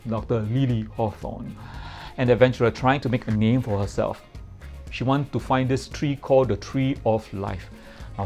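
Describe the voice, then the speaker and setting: A man's voice: mid-range voice, dark tone. A man giving a casual spoken film review in a playful way, repeating words for comic effect.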